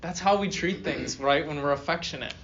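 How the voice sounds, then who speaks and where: A man's voice: a little high, fairly quick, fairly bright tone, muffled recording, slight background noise. A male philosophy professor giving a classroom lecture, reading a text aloud and then joking with students and asking them questions. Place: university classroom.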